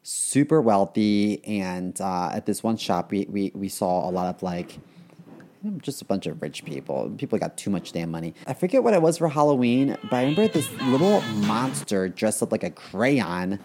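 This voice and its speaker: A man's voice: fairly low pitch, big pitch swings, normal speed, darkish tone, soft background music. A man co-hosting a casual podcast, telling stories in a blunt, profane way. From Chicago. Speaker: podcast co-host.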